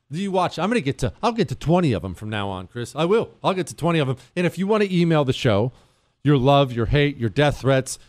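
Playful, animated American talk show host. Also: male voice, on the high side, dry recording. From Ohio, USA. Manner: playful, self-mocking, teasing his producer. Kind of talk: casual radio show banter.

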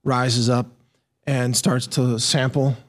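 A man's voice: medium pitch, flat delivery, slow. A man hosting a studio interview show, talking in a playful, eager way. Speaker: show host.

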